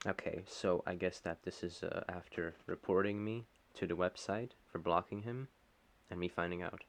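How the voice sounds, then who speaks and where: A man narrating a commentary video, explaining in a halting way full of fillers like "you know" and "uh". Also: deep voice, fairly even intonation. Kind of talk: reading out a chat log with commentary.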